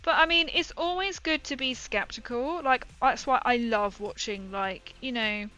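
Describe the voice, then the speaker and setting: A bright, slightly high-voiced young woman chats away on a stream while she paints miniatures. She rambles through her story with plenty of fillers, and faint music plays behind her. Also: moderate pace, low-quality recording. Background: faint background music.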